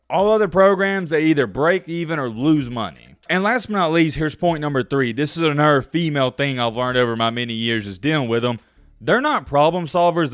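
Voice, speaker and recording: A man's voice: fairly high pitch, a bit bright, no echo, studio quality. A man vlogger delivering a blunt, dismissive opinion rant about college sports to his channel's viewers.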